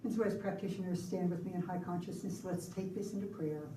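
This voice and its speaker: A woman minister preaching a sermon and leading prayer in slow, rhythmic phrases and call-and-response. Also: on the low side, fairly even intonation, distant mic, noisy background. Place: church sanctuary. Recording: roomy sanctuary recording from afar.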